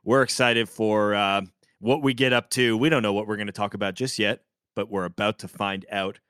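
A man hosting a casual podcast as a pastor, deadpan and playful in his joking. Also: on the low side, moderate pace, smooth, dry recording, clean studio sound. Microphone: remote call.

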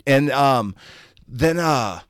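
A man's voice: mid-range voice, very slow, clean tone, no echo, clean studio sound. A man telling a long casual story as a guest, acting out the voices of people in it. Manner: animated, acts out voices of people in his stories.

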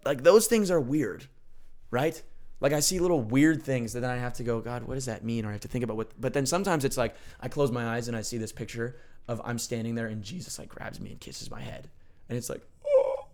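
In a casual, earnest conversation, a man shares stories of prayer, frequently restarting sentences and getting animated when excited. His voice sits at a medium pitch and he talks quickly.

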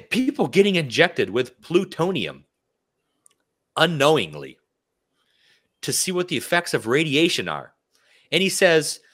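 Animated man ranting with rhetorical questions. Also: mid-range voice. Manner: heated, full of rhetorical questions. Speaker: podcast host. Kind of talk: casual opinion rant.

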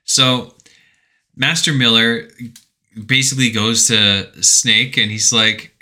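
A man co-hosts a casual podcast, walking through a game's story in a bright, forward voice. Now and then he breaks into loud put-on voices for the characters' lines. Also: mid-range voice, fairly even intonation, slow. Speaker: podcast co-host. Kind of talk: casual podcast recap of a video game.

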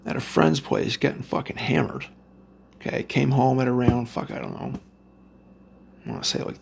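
A man's voice: mid-range voice, creaky, husky. A man casually telling a rambling personal story, swearing constantly. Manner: heavy swearing, rambling with restarts.

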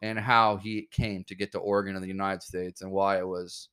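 A young man hosting a casual podcast, laid-back and joking, talking in halting bursts with fillers. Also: sits low, level tone, a bit bright, clear, resonant tone. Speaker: podcast host.

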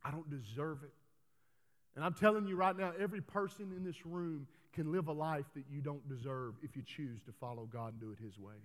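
High-voiced pastor preaching. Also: male voice, brisk, few pauses. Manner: folksy, preachy, builds to loud emphatic calls. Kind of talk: sermon. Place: church hall. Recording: reverberant church hall.

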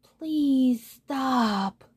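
A frightened storybook moon, voiced by a woman, who begs and pleads in a raised, fluttering pitch. The voice rides well above the reader's own, slow and drawn out. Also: a little mellow, breathy edge, full character voice. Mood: pleading, grateful. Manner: high, begging.

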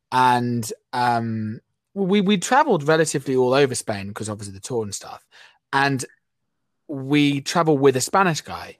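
Young man, relaxed anecdotal co-host, mid pitch, dry close sound. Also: dry recording. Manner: measured, anecdotal storytelling with fillers. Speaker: podcast co-host. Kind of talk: casual chat.

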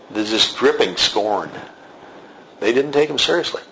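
A man giving an expository Bible lesson in a relaxed, conversational manner, breaking off for quick asides and correcting himself as he goes. His voice sits at an ordinary middle pitch. The recording is a little dull, with a faint hiss underneath. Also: gravelly. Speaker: Bible teacher.

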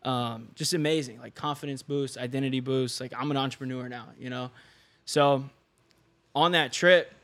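A young man, a podcast guest and online fitness coach, telling a story in casual chat, animated and often laughing, acting out the people he quotes. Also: mid-range voice, moderate pace.

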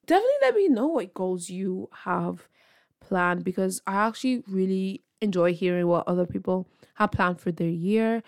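A woman's voice: mid-range voice, animated, normal speed, no room sound. Chatty young woman, dry close sound. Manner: chatty, self-deprecating, encouraging, laughs often. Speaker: podcast host. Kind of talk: casual solo podcast chat.

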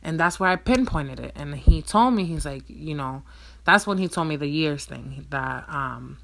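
Solo podcast host in their twenties; bright, forward voice; casual, cussing, restart-heavy storytelling; phone-recorded. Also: mid-range voice, lively intonation, moderate pace, gravelly. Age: 20s. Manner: rambling, swearing, many fillers and restarts. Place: indoors, alone. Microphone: phone mic.

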